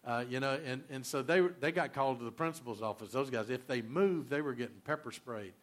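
A male pastor preaching a sermon, emphatic and repetitive, swinging between loud and quiet. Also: medium pitch, brisk.

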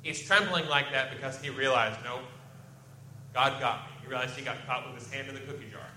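In an echoey room with faint background noise, a man delivers an expository sermon, reading scripture and unpacking it in ordinary, everyday words. His voice is medium in pitch, sharp in tone, and quick.

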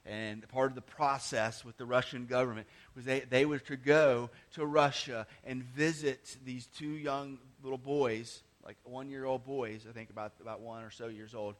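A man preaching a sermon with passion, rising to emphatic cries and dropping to hushed, near-whispered lines, often repeating words as he restarts phrases. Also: medium pitch, steady tone, moderate pace, few pauses. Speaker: pastor.

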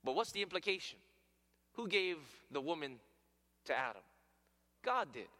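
A man preaching a sermon, calling out to his listeners as friends, rising to loud emphatic peaks and dropping to hushed near-whispers. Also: on the high side, very animated, moderate pace. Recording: long hall reverb.

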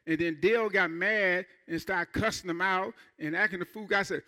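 Bright high-voiced male preacher. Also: a little fast, hardly any pauses. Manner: fervent preaching with call-and-response. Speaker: pastor. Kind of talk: sermon. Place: church.

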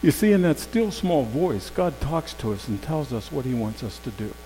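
A man's voice: medium pitch, big pitch swings, moderate pace, faint music behind. Male preacher in an echoey hall. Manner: conversational storytelling, swinging from loud to hushed. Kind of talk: sermon. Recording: long hall reverb with faint mains hum.

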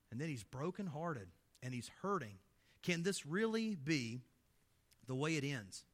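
A man delivers a sermon as a pastor, his voice sitting a bit high with a sharp, bright edge. He preaches with passion and fires off rhetorical questions. His loudness rises for emphasis, then drops into hushed, low passages. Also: lively intonation, measured pace. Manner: impassioned, full of rhetorical questions, swelling and dropping in loudness.

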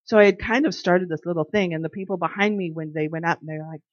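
A woman's voice: lowish voice, fast talker, no echo. A woman giving a casual, chatty faith talk, telling everyday stories and acting out what people said. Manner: chatty storyteller who acts out quoted people. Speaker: devotional speaker. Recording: dry, slightly dull recording.

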